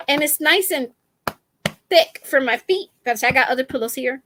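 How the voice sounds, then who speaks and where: A woman's voice: high-pitched, normal speed, pushed and bright, no room sound. A middle-aged woman chatting casually on a live stream from home, laughing often as she tells stories to her viewers. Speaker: crochet channel host. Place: at home, lying down with feet raised. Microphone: laptop.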